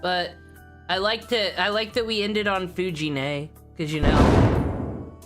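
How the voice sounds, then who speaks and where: A woman's voice: fairly low pitch, steady tone, slow pace, soft background music. A woman streamer chatting casually, wry and rambling, swearing offhandedly.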